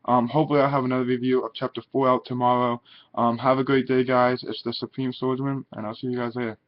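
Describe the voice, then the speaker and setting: A man's voice: mid-range voice, little pitch movement, fast talker, muffled recording. A young man casually reviewing a manga chapter, rambling with lots of "like" and "you know" fillers.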